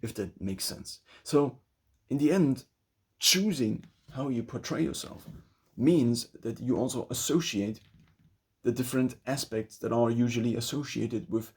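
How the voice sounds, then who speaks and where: German guy, slightly husky, mid pitch, kinda rambly vlog talk. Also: a little slow. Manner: thoughtful, rambling with restarts. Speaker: vlogger. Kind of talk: casual spoken essay.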